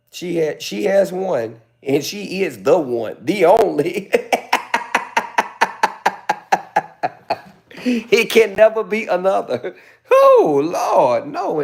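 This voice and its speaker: Man, livestreamer, sassy theatrical roasting, high voice, gravelly fry. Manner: sassy, theatrical, mock-pleading. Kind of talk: live stream roasting a commenter.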